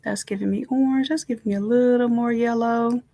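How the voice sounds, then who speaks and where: A woman design instructor giving a casual, chatty live software tutorial from home, talking straight to her viewers. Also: a little high, fairly even intonation, fairly quick, gravelly.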